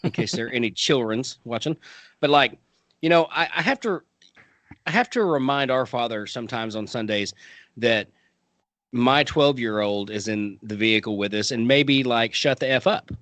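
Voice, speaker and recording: A man's voice: medium pitch, normal speed, fairly bright tone, no echo. Laid-back guy co-hosting a podcast, medium voice, dry close sound. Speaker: podcast co-host. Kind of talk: casual chat.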